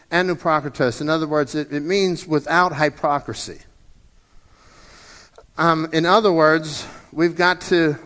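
A man's voice: a little high, fairly bright tone, in a large hall. A man in his fifties preaching a sermon as a pastor, in a conversational way that often repeats and restarts words. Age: 50s.

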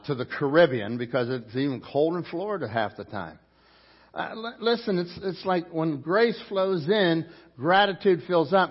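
A man's voice: on the high side, breathy edge, dull audio. A middle-aged male pastor preaching a conversational sermon, full of rhetorical questions and restarts.

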